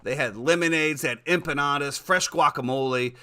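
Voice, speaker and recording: A man hosting a casual podcast, telling animated stories and often repeating his words. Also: fairly high pitch, brisk. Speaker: podcast host.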